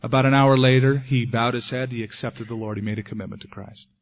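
Pastor preaching on dull old tape. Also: male voice, medium pitch, fairly even intonation, fast. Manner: earnest preaching, ending in a quiet prayer. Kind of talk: sermon.

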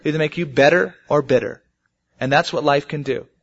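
A man's voice: a little high, brisk, gravelly. A man preaching a sermon, telling stories and rising emphatically on the key points. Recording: muffled lo-fi sermon recording.

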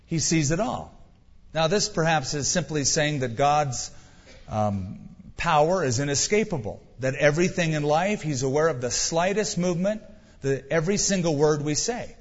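A middle-aged man preaches with an easy, conversational delivery and dry jokes. His voice sits slightly high for a man. It rings out with long reverb through a muffled, dull recording. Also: animated, normal speed. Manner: conversational preaching with wry humor. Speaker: pastor. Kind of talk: sermon.

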